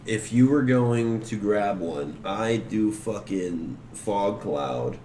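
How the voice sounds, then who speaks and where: A man's voice: fairly low pitch, expressive, slow pace, dark tone. A man playing a tabletop game, brash and profane, talking loosely with his friends. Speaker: player. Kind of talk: casual tabletop game chat. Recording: roomy echo with faint ambient noise.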